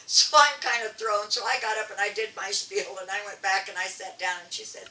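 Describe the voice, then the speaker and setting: Older woman telling a lively story. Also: mid-range voice, brisk, few pauses, noisy background. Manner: animated storyteller with frequent restarts. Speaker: guest elder and artist. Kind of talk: storytelling interview. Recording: echoey room, distant mic, faint ambience.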